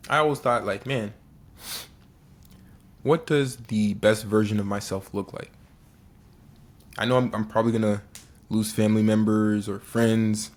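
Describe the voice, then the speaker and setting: A young man with a fairly low voice talks straight to the listener in a casual motivational monologue. He is earnest and repetitive, restarting phrases and saying key lines twice to drive them home. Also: fairly bright tone. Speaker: motivational speaker.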